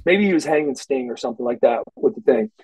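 A man's voice: medium pitch, animated, fast talker, a little mellow, a little hiss or hum, low-quality recording. A middle-aged man from Oklahoma telling rambling backstage stories as a guest in a shoot interview, with frequent restarts and salty language. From Oklahoma, USA. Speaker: interview guest, former wrestler.

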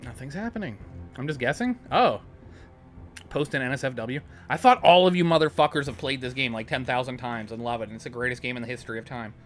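A man's voice: mid-range voice, fast, soft background music. A tired man streaming a game at home, joking, swearing a lot and reading chat messages aloud. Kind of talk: casual let's-play chat.

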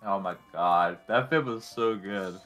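A young man chatting casually while racing in a video game, excitable, swearing often and breaking into laughter. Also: deep voice, unhurried, faint music behind. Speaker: gamer.

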